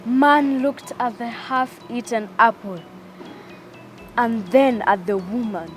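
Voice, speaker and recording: A woman telling a Bible story to children in an expressive, animated way. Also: on the high side, slow pace, soft background music.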